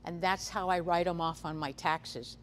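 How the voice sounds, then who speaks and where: A woman's voice: on the low side, fairly even intonation, moderate pace. A woman giving a conference seminar on livestock guarding dogs, talking casually with many fillers and restarts. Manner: conversational, frequent "um" fillers and restarts. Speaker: seminar speaker on livestock predators. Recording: echoey hall, faint background noise.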